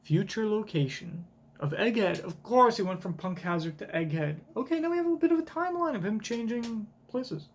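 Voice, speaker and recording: A man's voice: high-pitched, animated, moderate pace. A man streaming a live comic reaction, tossing out casual, chatty asides.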